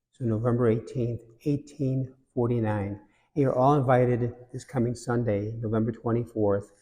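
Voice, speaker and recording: A man's voice: mid-range voice, warm tone, big-room sound. A man, a priest and cathedral rector, giving a conversational homily and telling jokes between reflections. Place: large cathedral.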